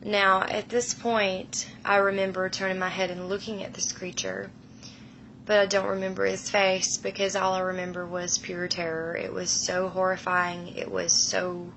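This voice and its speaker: A woman in her thirties retelling a frightening personal experience in a slow, emotional, hushed way, often dropping her voice low. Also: little pitch movement, dull audio, slight background noise. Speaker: storyteller. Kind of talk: personal paranormal story.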